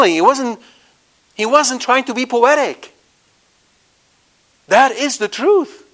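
A man preaching to a live congregation, animated, questioning the audience and swinging between loud emphasis and quiet asides. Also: very high voice, takes it slowly, long pauses. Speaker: Catholic preacher.

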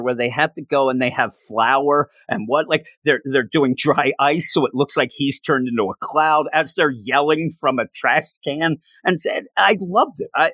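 Male host, eager comic recap, a bit high-pitched, dry recording. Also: fairly bright tone, no echo. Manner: enthusiastic, rambling recap with frequent laughs. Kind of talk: casual comic book review chat.

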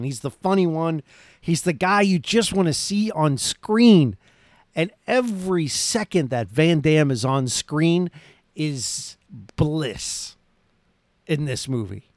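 Casting: male podcast host, slightly higher voice, loose excited movie recap, dry booth sound. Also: dry recording. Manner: rambling, enthusiastic, lots of "like" and restarts.

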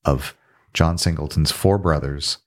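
A man from the American South, a film director as guest, telling animated stories in casual conversation in a podcast studio. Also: very deep voice, a little slow. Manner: animated anecdote-teller, trails off and restarts. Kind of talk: casual storytelling in an interview.

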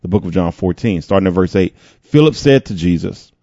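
A man's voice: deep voice, animated, a little fast, dark tone, no room sound, muffled recording. A man preaching a conversational sermon as pastor, with playful asides.

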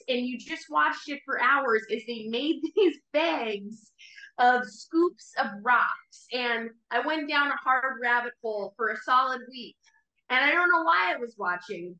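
A woman's voice: high voice, sharp tone. A woman from North Dakota co-hosting a podcast, rambling casually and self-deprecating, laughing easily. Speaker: podcast co-host. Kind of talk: casual chat. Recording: roomy echo.

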